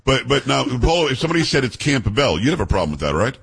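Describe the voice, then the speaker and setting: Lively fast-talking male radio host. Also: medium pitch, gravelly, husky. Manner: animated storyteller, mimics voices. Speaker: radio talk show host. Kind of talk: casual radio talk.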